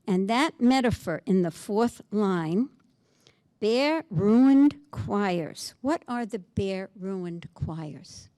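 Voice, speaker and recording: A woman giving a poetry lecture, reading verse slowly and with emphasis, then asking her listeners questions. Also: medium pitch, expressive, darkish tone, no echo, studio quality.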